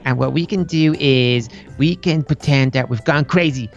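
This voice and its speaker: A man's voice: mid-range voice, normal speed, highs cut off, natural voice. A man voicing a mischievous, scheming baby boy in a Minecraft role-play. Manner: giggly, scheming. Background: background music.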